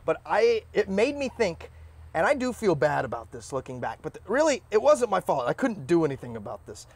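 A high, slightly rough voice that runs a little fast belongs to a young Indiana man co-hosting a podcast. He chats casually and acts out his reactions while storytelling; no room sound.

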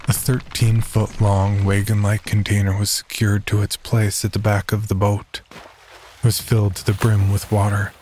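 A man reading a horror story aloud in a steady, measured narrating voice. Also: deep voice, a little hiss or hum.

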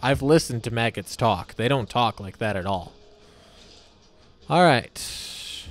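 A man's voice: mid-range voice, animated, slow, pauses often. A man giving casual, goofy commentary while playing a video game, talking to the enemies and cracking crude jokes. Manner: goofy, talks to enemies, silly voices and swearing. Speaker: gameplay commentator. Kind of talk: casual let's-play commentary.

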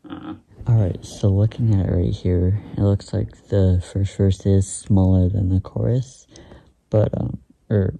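Low gravelly man rambling casually. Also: flat delivery, a little slow, warm tone, recorded from a distance. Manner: rambling, hesitant, many fillers and restarts. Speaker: host reacting to a song. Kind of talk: casual reaction commentary. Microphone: phone.

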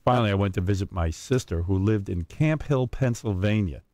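Man, radio host, storytelling, acts out voices, lively pitch, dry close sound. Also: fairly quick, no echo. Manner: acts out other people's voices, with emphatic asides. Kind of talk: animated storytelling.

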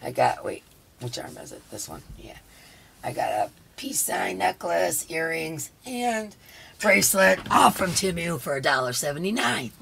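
A hoarse woman hosting a casual live stream. She chats along and greets each viewer by name. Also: on the low side, big pitch swings, a little slow, a bit bright, a little hiss or hum. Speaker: livestream host.

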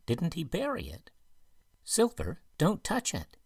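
A wary, blunt teenage boy, as a man reads him in an audiobook. He speaks sharply and rises when alarmed. The voice is husky. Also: a little high, wildly swooping pitch, slow pace, no room sound, clean studio sound, voice pushed up, heavily acted.

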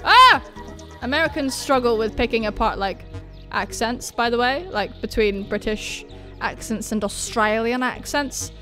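A woman doing excitable, self-mocking let's-play commentary, swearing and yelping as she plays. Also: fairly high pitch, moderate pace, faint music behind. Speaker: gaming YouTuber.

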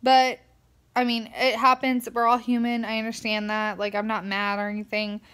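A young woman talks straight to her camera in a loose, rambling vlog, sounding tired. Her voice sits a little high, and she strings thoughts together with constant fillers. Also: monotone, fairly quick, pushed and bright, clear, resonant tone. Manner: chatty, rambling, lots of "like" fillers. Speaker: vlogger. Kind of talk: casual vlog rant.

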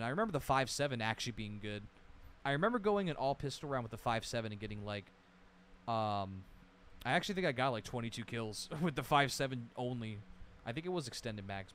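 Male streamer, mid-pitched, loose and rambly, drops a curse here and there, faint background hum. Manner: rambling, nostalgic, swears casually, reads out lists. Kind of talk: casual livestream commentary.

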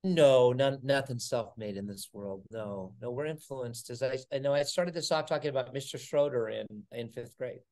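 A middle-aged man telling a story as an interview guest, energetic and animated, acting out the voices of the people in it. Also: mid-range voice, moderate pace, hardly any pauses. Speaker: podcast guest, entrepreneur.

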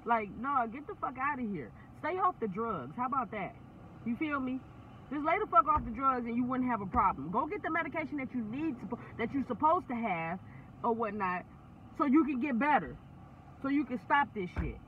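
A woman's voice: on the high side, very animated, fairly quick. A woman venting in casual, profane talk on a phone call, laughing often. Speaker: vlogger. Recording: tinny phone line, faint noise.

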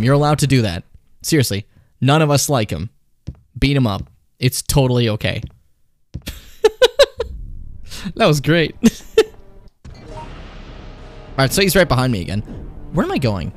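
A man's voice: medium pitch, very animated, normal speed, long pauses, faint music behind. A young man playing a horror game on stream, chatting casually, swearing a lot and taunting the enemy. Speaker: let's play streamer.

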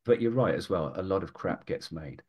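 A man's voice: low-pitched, lively intonation, fairly quick, breathy edge, dull audio. A British man, an author being interviewed on a podcast, talking in a rambling, thoughtful way and often correcting himself. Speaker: guest author.

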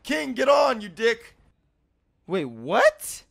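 A young man with a lisp doing live gameplay commentary, who swings between low muttering and loud, swearing rage outbursts. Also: wildly swooping pitch, slow, creaky, dry recording. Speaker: gaming streamer.

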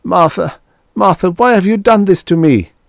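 A frail old professor, bedridden and weak, pleading in a raised, strained voice, as a male reader plays him. Gravelly and dry. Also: high-pitched, normal speed, dry recording, voice pushed up. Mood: desperate. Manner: weak, desperate.

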